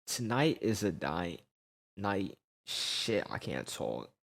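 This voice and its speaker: Young man, gravelly low voice, slow drawl, slangy storytime, keeps asking "right?". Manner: slangy, animated retelling with frequent "right?" tags. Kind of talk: casual storytime.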